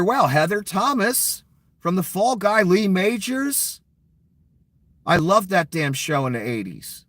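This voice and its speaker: A man's voice: high-pitched, sing-song, a little slow, a bit bright, no room sound. A middle-aged man delivering an angry political rant to his viewers, sarcastic and mocking, swearing freely. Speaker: political commentary vlogger.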